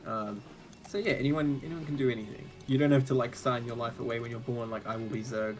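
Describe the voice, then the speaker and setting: An Australian man calls an esports match in a loose, joking way, reacting quickly to each moment. His pitch sits in an ordinary middle range. Faint music plays quietly under his voice. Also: rough recording. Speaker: esports caster. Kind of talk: casual game commentary.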